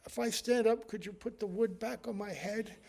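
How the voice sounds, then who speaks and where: A man's voice: high-pitched, steady tone, normal speed, vocal fry, a little mellow, voice pushed up. A man voicing a frail elderly woman who weeps and begs God for help, in a pleading, raised voice.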